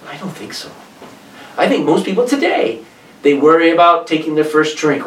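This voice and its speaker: Animated preacher man, echoey and distant. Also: on the high side, moderate pace. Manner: animated, reads scripture aloud and explains it with asides. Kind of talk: sermon.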